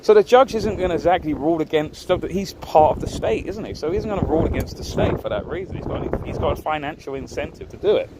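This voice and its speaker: A man's voice: on the high side, animated, fast, hardly any pauses. A man, rambling and ranting as he livestreams outdoors on a city street. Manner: ranting, rambling, repeats himself. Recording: wind noise and traffic outdoors.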